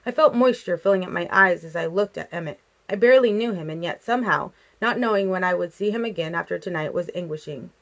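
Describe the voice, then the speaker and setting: A woman reading a novel aloud as a casual, expressive amateur audiobook narrator. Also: on the low side, fast talker, hardly any pauses. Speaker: audiobook reader.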